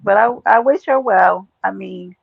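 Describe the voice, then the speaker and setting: Brooklyn lady chatting live to her viewers, gravelly high voice, dull dry lo-fi sound, loud and cussing a lot. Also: unhurried, no echo. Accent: New York (Brooklyn). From Brooklyn, New York. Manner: brash, profane, animated, laughs often. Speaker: livestream host. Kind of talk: casual livestream chat with viewers.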